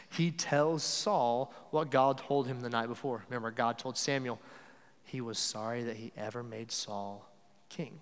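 A man's voice: medium pitch, steady tone, moderate pace, long reverb tail. A man preaching a sermon in a conversational way, often acting out the lines he quotes.

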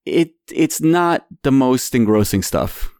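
A man's voice: mid-range voice, lively intonation, slow pace, darkish tone, clean tone, dry recording, studio quality. A man casually reviewing a film as a podcast host, often repeating words as he starts his sentences.

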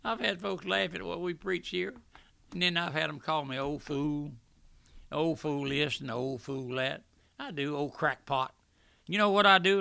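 An older man preaching a fervent radio sermon, swelling loudly at points and breaking into asides. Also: on the high side, measured pace, vocal fry, dry recording.

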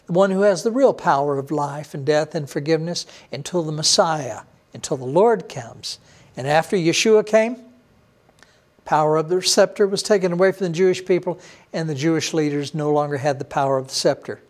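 A man pastor teaching a sermon, emphatic, slowing down and repeating key words to drive a point home. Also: on the high side.

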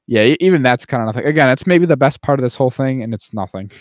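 A man's voice: medium pitch, expressive, quick pace. A man co-hosting a podcast in loose, casual chat, wandering through his points with plenty of fillers. He drops into silly mock voices along the way. The sound is dry and close, with no room echo. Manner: rambling, with many fillers and playful mock voices. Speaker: podcast co-host.

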